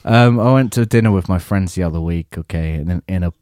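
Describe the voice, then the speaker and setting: A man in casual, joking podcast banter with a friend, breaking into drawn-out silly catchphrases. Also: deep voice, a little mellow, smooth, no echo, clean studio sound. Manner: jokey, does silly drawn-out catchphrase voices.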